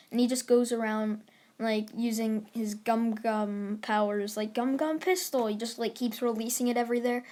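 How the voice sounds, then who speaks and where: A woman with a somewhat high voice tells a story casually, as if thinking it up on the spot. She rambles, leans on "like" and "basically", and switches between rushed bursts and slow, drawn-out pauses. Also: a little mellow. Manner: quick bursts of words mixed with slow pauses. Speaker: anime fan storyteller.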